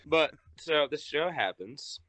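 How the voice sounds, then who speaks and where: Young man from Arkansas, bright voice, dry close sound, animated storyteller, casual guest. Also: slow, no room sound. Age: young adult. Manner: animated storyteller, acts out quotes with big pitch jumps. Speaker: wrestler guest.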